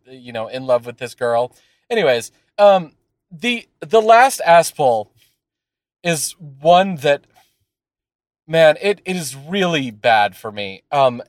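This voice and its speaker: A man's voice: medium pitch, no echo, clean studio sound. A man chatting casually on a podcast, rambling with lots of fillers and swearing as he rants. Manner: animated, profane, rambling with fillers. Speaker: podcast co-host. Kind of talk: casual chat.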